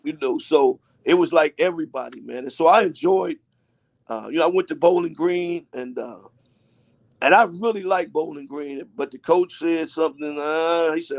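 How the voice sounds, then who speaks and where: A man from Ohio, a guest in a casual interview, telling animated stories and acting out what he and others said. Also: on the high side, normal speed. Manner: animated storyteller, acts out his own quotes.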